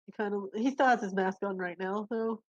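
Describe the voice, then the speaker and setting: A woman's voice: medium pitch, fairly quick, dry recording. A woman narrating her character's actions in a casual improv roleplay, hesitant with fillers. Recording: dull dry lo-fi mic.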